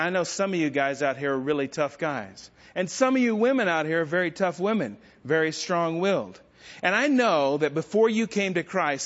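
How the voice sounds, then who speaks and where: A man's voice: fairly high pitch, fairly bright tone. Man, middle-aged, pastor, anecdotal sermon, self-deprecating, muffled recording. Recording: dull sound with long church-hall reverb.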